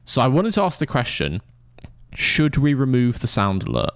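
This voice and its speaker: A man's voice: medium pitch, huge pitch swings, moderate pace, clear, resonant tone, no echo. Sweary young Englishman chatting on stream. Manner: rambling, sweary, mock-indignant banter. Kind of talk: casual live-stream chat to viewers.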